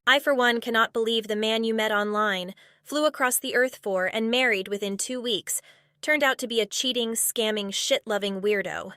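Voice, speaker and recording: Brief: slightly high-voiced woman, sarcastic, biting reaction co-host, dry close sound. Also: normal speed, bright, forceful tone, smooth, no echo. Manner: sarcastic, biting, mock-dramatic. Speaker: commentary co-host. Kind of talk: casual reaction commentary.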